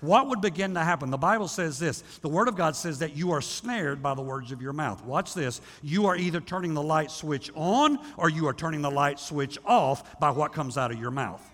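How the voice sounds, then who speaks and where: A male pastor preaches with a high, bright voice that leaps all over its range. He acts out the voices of praying people as he goes. His words ring out with a long reverb from the church hall. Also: expressive, moderate pace, few pauses. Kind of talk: sermon. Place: church sanctuary.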